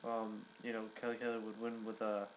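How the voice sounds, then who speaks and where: Young male reviewer, rambling casual recap, low monotone voice. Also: fairly quick, slight background noise, low-quality recording. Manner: rambling, many fillers and restarts. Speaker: wrestling reviewer.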